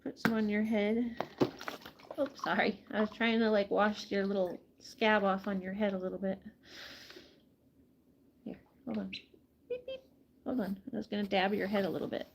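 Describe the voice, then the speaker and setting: A woman gently talking baby talk to her hen while bathing it, cooing and making little beeping noises. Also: medium pitch, level tone, moderate pace, creaky, pauses often, a little hiss or hum. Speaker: backyard farmer caring for a hen. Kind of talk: casual talk to an animal.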